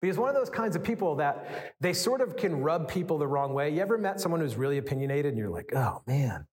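A man's voice: a little high, fast. Guy preaching, chatty storytelling, lots of ums and restarts, big echoey church hall. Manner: conversational and animated, many fillers and restarts. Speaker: pastor. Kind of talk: sermon storytelling.

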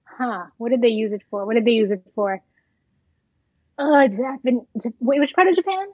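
A woman co-hosting a podcast, dropping playful, deadpan quips. Her voice is high and a little breathy. The recording is dry and close-miked. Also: normal speed, dry recording, phone-quality sound. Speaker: podcast co-host. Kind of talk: casual chat.

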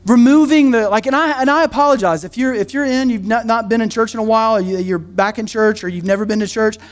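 A middle-aged man, a pastor, preaching a sermon in a church in a conversational, joking way with quick asides. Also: high-pitched. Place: church sanctuary.

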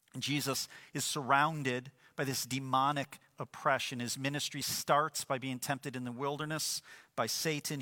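A man's voice: mid-range voice, pushed and bright, big-room sound. A man preaching a sermon as pastor, emphatic, with repeated phrases and rhetorical questions.

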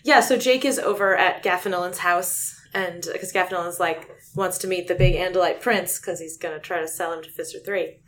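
A woman's voice: fairly low pitch, steady tone, normal speed, a bit bright. A woman co-hosting a casual book podcast, chatty and enthusiastic. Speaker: podcast co-host. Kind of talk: casual chat about books.

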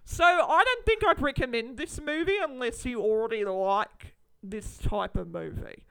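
Brief: woman with a gravelly, creaky voice, podcast co-host, hesitant and thoughtful. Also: on the high side, lively intonation, a little slow, a bit bright. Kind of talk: casual chat.

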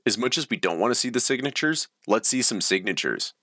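A man's voice: medium pitch, big pitch swings, brisk, fairly bright tone, dry recording, clean studio sound, pitched above the performer's own voice. A man voicing a sarcastic, taunting young college guy.

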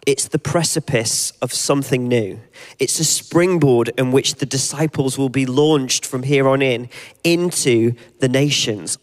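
Guy preaching, reflective, slows down on the big lines, mid-pitched voice. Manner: reflective, reads scripture and story aloud, slows for emphasis. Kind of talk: sermon.

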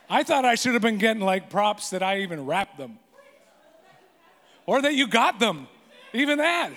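Pastor, man, 50s, higher register, joking self-deprecating storyteller, reverberant hall. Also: animated, normal speed, a bit bright. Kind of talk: sermon with humorous stories.

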